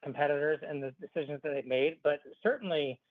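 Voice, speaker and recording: A male executive explains his company's approach in a steady way, with frequent ums. His voice sits a bit high. The sound is dry and thin, as over a phone. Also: fast talker, no room sound. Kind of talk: earnings call answers. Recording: dry tinny phone line.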